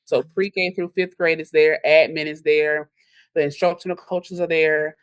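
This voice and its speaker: A woman teacher talks in a podcast interview, lively and full of stories. She acts out her students' voices as she goes. Her voice sits on the low side and sounds dry and close to the mic. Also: a little slow, clean tone, no room sound. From Louisiana. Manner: animated storyteller, acts out quotes from kids. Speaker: elementary school teacher.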